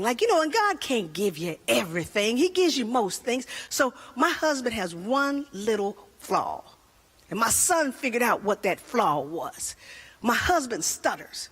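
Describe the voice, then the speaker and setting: Woman comedian, high voice, husky, animated storytelling, stand-up routine.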